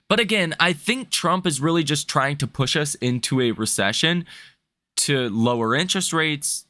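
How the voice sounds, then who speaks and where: A man's voice: mid-range voice, bright, forceful tone, no echo. A man hosting a stock market video, reading news headlines and then giving his own blunt opinions in a casual way. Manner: talks in restarts and asides like "right?" and "okay?".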